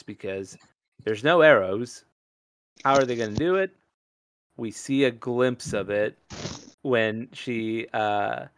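A man hosting a casual podcast chat, rambling and animated, laughing often as he talks. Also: lowish voice.

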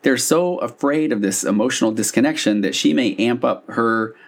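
A man's voice: mid-range voice, normal speed. A man who works as a couples therapist, explaining a therapy concept to listeners in a loose conversational way, with fillers and restarts.

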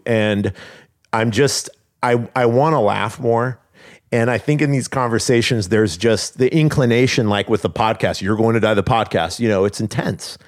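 A man talking earnestly and reflectively as a podcast guest, laughing now and then. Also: medium pitch. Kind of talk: casual conversation.

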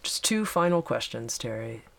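A man interviews a guest in a relaxed conversation, his voice carrying a noticeable gravelly fry. He keeps his part brief, offering agreeable nods and short questions. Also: medium pitch, normal speed.

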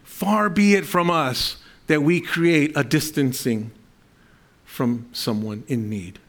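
Man preaching a sermon, slightly high voice. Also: slow, a bit bright. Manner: reads scripture aloud, then explains it with frequent restarts; speaks to a congregation, asking for amens. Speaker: pastor.

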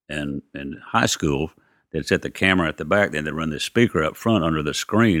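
A man's voice: extremely low pitch, fairly bright tone, dry recording, studio quality. A male musician telling anecdotes in a casual, rambling way, acting out what people said. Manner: rambling, acts out quotes, lots of "you know". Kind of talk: casual storytelling.

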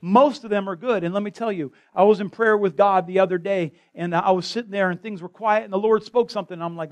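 A man's voice: high voice, steady tone, fast, few pauses. A man preaching a conversational, impassioned sermon as pastor in a church. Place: church sanctuary.

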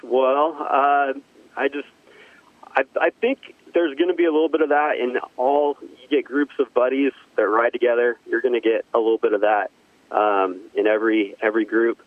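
A man's voice: mid-range voice, steady tone, normal speed, no room sound. Male guest, easygoing, phone-call sound, dry. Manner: easygoing, hesitant, many fillers. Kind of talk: casual chat. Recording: dry tinny phone line.

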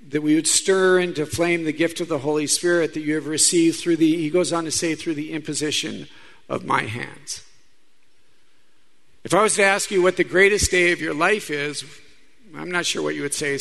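Gravelly priest giving a lively sermon. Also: male voice, fairly high pitch. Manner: conversational preaching with stories and asides to the audience. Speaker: Catholic priest.

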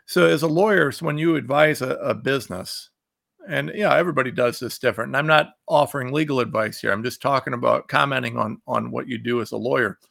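A man's voice: medium pitch, fast, gravelly, a bit bright. A man hosting a political commentary show, ranting angrily and reading out quotes between insults. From Ohio. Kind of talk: fired-up political commentary monologue.

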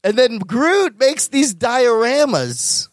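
A man co-hosting a podcast, chatting casually and excitedly and laughing as he retells scenes. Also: extremely high pitch, slow, no room sound. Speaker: podcast co-host. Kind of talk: casual chat.

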